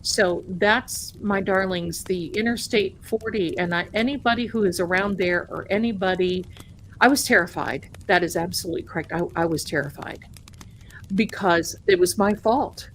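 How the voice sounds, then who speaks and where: A woman's voice: on the low side, moderate pace, a bit bright, a little hiss or hum. A woman hosting a live stream, telling viewers a frightening personal story in a dramatic, emotional way with many restarts. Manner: dramatic, breathless retelling with restarts. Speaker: host of a live tarot channel.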